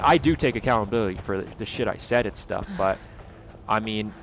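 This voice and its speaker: A young man in an angry, profane vlog rant, swinging between loud outbursts and low mutters. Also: a little fast, vocal fry, slight background noise. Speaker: vlogger. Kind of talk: angry personal rant to camera.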